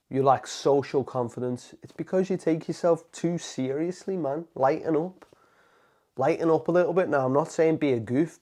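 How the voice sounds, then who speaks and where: A man's voice: on the high side, mellow. A man, a motivational coach, talking straight to camera in an emphatic, casual way and calling the viewer "man". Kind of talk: direct-to-camera motivational talk.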